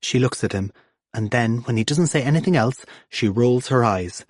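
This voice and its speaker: A man with an ordinary middle-pitched voice narrates an audiobook, changing his pitch to give each character a voice. He is animated and moderately paced, and the recording is dry and close.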